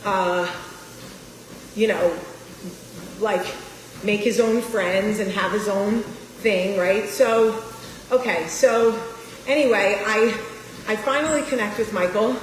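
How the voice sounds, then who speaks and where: A New Jersey vlogger in her forties confides a personal story to her viewers, emphatic and casual, speaking to camera. Her mid-range voice is slow with frequent pauses, slight background noise, and a roomy echo with long reverb.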